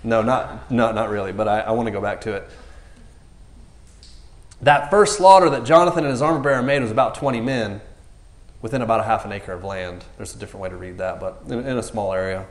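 A man's voice: on the low side, brisk, reverberant. A man preaching a casual, joking sermon, acting out the characters in raised voices. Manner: animated, jokey, acts out characters with raised voices.

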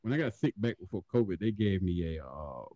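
A man's voice: low voice, expressive, fairly quick, mellow, no echo, muffled recording. A man telling a funny story in a casual podcast chat, swearing often and laughing through it.

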